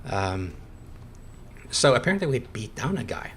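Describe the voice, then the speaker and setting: A man's voice: medium pitch, sing-song, moderate pace, fairly bright tone, a little hiss or hum. A man streaming a video game, chatting in a rambling, hesitant way and chuckling between thoughts. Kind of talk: casual gameplay commentary.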